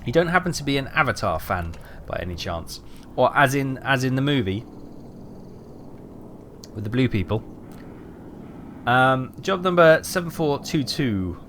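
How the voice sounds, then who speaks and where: A man's voice: mid-range voice, very animated, measured pace, long pauses, fairly bright tone, a little hiss or hum. Chatty British man streaming a game. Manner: chatty, rambling, dry joking asides. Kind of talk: live gameplay commentary.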